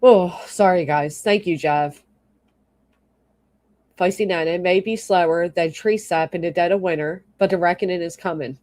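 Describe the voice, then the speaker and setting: A woman's voice: fairly low pitch, moderate pace, a little mellow. A woman ranting angrily on her livestream, swearing often and stopping to thank people in her chat. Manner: angry, profane, exasperated; reads and thanks chat commenters. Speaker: YouTube livestreamer. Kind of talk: livestream rant.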